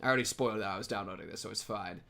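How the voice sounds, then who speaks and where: Speaking very fast in a lowish, pushed, bright voice with vocal fry, a young man hangs out with his live stream audience. He giggles, mocks himself, laughs at his own expense, and responds directly to whatever viewers send in.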